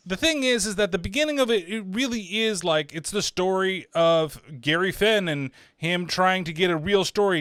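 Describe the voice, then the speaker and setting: Animated man reviewing a horror film. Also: high-pitched, smooth, dry recording, studio quality. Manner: animated, laughs often, swears casually. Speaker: horror podcast host.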